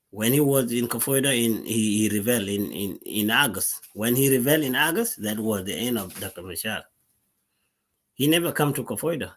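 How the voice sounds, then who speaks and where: Addressing followers in a live social media monologue, a middle-aged South Sudanese war veteran speaks with his country's accent in a fairly low voice. His delivery is earnest and emphatic, with frequent repeated words and restarted sentences.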